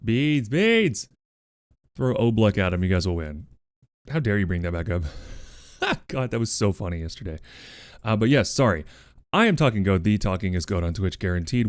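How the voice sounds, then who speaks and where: A man chatting on a livestream in a lowish voice that swings up and down a lot. He is playful, swears casually and coos at his pets. The sound is dry and close, with no room echo. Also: a little mellow. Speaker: streamer.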